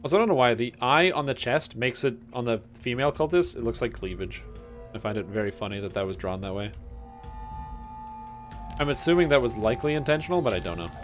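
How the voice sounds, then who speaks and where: A young man streaming a game, chatting casually with amused, excitable bursts. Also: medium pitch, fast talker, soft background music. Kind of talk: casual gameplay commentary.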